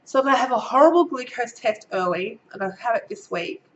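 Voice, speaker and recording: A woman's voice: on the high side, lively intonation, fast talker, lo-fi sound, slight background noise. A woman in her thirties with an Australian accent, giving a casual pregnancy update to camera, a little out of breath and getting over a cold, chatty with many ums as she reads her notes. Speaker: vlogger.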